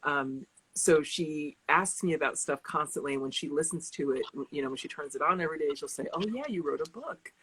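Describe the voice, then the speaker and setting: A woman's voice: low-pitched, fairly even intonation, fairly quick, few pauses, fairly bright tone, rough recording. Casting note: young woman, chatty author guest, loose and laughing, some faint background noise. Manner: chatty, laughing often, rambling restarts. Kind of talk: casual interview chat.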